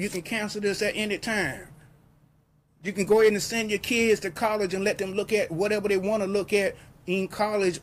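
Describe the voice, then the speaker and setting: Hyped high-pitched salesman. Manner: hyped, repetitive, pushy salesman. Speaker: host pitching a TV service.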